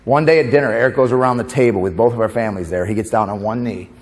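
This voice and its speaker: A man giving a conference keynote as a comedian and motivational speaker. He moves between tender storytelling and animated comic bits. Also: on the low side, racing. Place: conference hall. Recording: long hall reverb.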